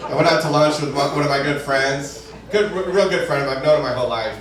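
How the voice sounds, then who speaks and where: This comic talks fast in a fairly high voice, spinning conversational stories and yelling the punchlines during his set at a comedy club. He's recorded from afar in a reverberant room, the clip very noisy with audience laughter throughout.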